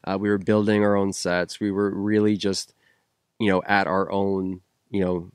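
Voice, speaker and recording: A man with a lowish voice tells stories in a relaxed, casual chat, full of "uh"s and restarts. He is recorded close on the mic in a dry room with no echo, like a sit-down podcast. He sounds like one filmmaker chatting with another. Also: moderate pace, clean tone. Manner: storytelling, with many fillers and restarts. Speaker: co-host, filmmaker.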